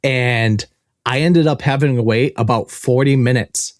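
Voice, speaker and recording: A man hosting a podcast and telling a long story in an animated, profane, casual way. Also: mid-range voice, a little slow, no echo, studio quality. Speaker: podcast host. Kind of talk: casual chat.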